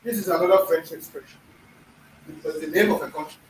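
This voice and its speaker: A middle-aged Nigerian teacher with a slightly high voice speaks fairly quickly as he drills pronunciation, repeating words and quizzing the class. A distant room mic captures the echoey classroom along with faint noise.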